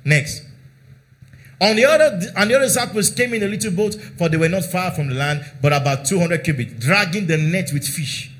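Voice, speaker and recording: A man's voice: fairly high pitch, fairly quick, few pauses, fairly bright tone. Man preaching with call-and-response. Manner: preaching with call-and-response prompts and dramatized Bible quotes. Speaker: pastor. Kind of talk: sermon. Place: church.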